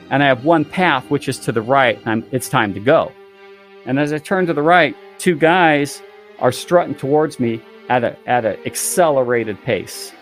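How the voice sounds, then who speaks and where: Theatrical man telling a story. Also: mid-range voice. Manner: theatrical, exaggerating for effect. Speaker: podcast guest. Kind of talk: animated storytelling.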